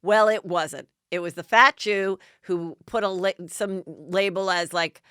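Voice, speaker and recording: A woman's voice: mid-range voice, steady tone, unhurried, sharp tone, clear, resonant tone, no echo, clean studio sound. A woman hosting a podcast, recapping TV gossip in a chatty, sarcastic way and swearing freely. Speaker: podcast host.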